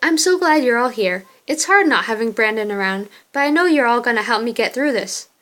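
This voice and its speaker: A sweet, heartbroken young college guy speaks in an earnest, soft voice, read by a woman. The voice sits fairly high. This is a fan reading of a story game. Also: lively intonation, fairly quick. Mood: wistful.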